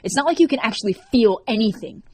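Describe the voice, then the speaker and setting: A woman voicing a frightened, furious teenage girl in an audiobook, accusing and shrill. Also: expressive, fast, a little mellow, no echo.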